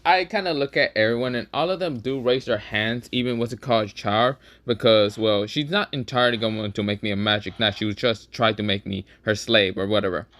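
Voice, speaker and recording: A man's voice: on the low side, fairly quick, hardly any pauses, fairly bright tone, no echo. A man casually narrating his part of a role-play story, laid-back and swearing offhandedly. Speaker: co-storyteller in a collab.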